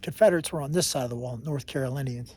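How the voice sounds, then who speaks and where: A man's voice: mid-range voice, very fast, darkish tone. A man hiking outdoors on a mountain trail, talking casually about history to a handheld camera, rambling and often correcting himself. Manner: rambling, self-correcting storyteller. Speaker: hiking vlogger. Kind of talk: casual walking history talk.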